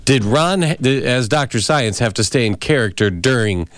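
A man co-hosting a radio talk show, playful and quick with interjections. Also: mid-range voice, expressive, no echo. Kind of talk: casual chat.

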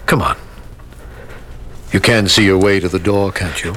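An actor playing a chatty prison guard who talks in a casual, offhand way. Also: male voice, deep voice, unhurried, fairly bright tone, a little hiss or hum. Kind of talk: radio drama acting.

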